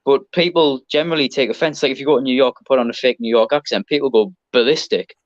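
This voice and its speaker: A man's voice: mid-range voice, fast, dry recording, muffled recording. A man with an English accent, a podcast guest, chatting casually and rambling with lots of ums and restarts. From Britain. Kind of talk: casual chat.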